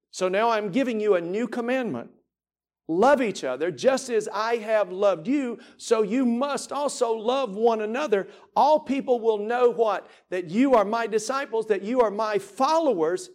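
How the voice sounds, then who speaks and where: Male pastor, high voice, emphatic sermon delivery with stretched, repeated words. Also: a little mellow.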